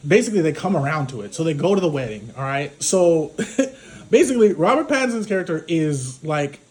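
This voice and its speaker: A man with a fairly high voice recaps a film in loose, casual talk. He rambles and leans heavily on fillers as he retells the story. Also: big pitch swings, fairly quick, a little mellow. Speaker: film reviewer. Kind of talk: casual spoken movie recap.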